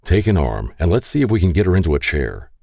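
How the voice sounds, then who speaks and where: A man voicing a gruff, impatient husband. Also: deep voice, very animated, fast talker, warm tone, dry recording, studio quality, heavily acted.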